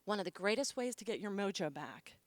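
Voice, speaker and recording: A woman's voice: medium pitch, expressive, fairly quick, dry recording. A woman motivational speaker giving a keynote talk, telling stories with acted dialogue and checking in with the audience. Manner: storytelling with acted dialogue, asks the audience "okay?". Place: conference stage.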